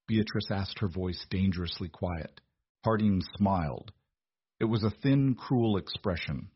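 A man narrating an audiobook in an even, measured storytelling manner. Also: low voice, slightly rough, dry recording, dull audio.

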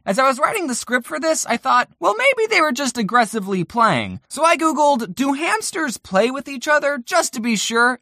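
A man in his twenties narrating comedic scripted stories, with deadpan jokes. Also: high-pitched, no room sound, clean studio sound. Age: 20s. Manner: deadpan jokes, animated ups and downs. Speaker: animated storytelling YouTuber.

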